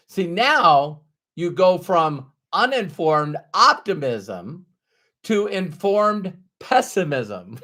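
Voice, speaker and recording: A middle-aged man delivers a motivational talk, unhurried and emphatic. His voice sits a little high for a man, and he likes to repeat the lines he wants to land. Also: big pitch swings, sharp tone. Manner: emphatic, repeats key phrases. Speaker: motivational speaker.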